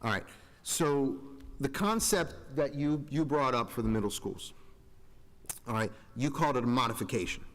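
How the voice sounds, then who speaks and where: A board member in his 40s addresses a public meeting in a big school meeting room with an animated, medium-pitched voice at normal speed. He comes across earnest and rambling, often breaking off mid-thought, while the hall's reverberation adds a long echo.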